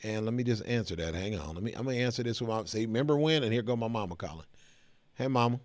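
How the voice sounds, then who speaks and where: Middle-aged guy chatting to his viewers on a reaction vid, easygoing, lowish voice, dry close sound. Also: expressive, rapid-fire, dry recording. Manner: laid-back, chatty, addresses viewers directly. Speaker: reaction video host. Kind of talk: casual reaction commentary.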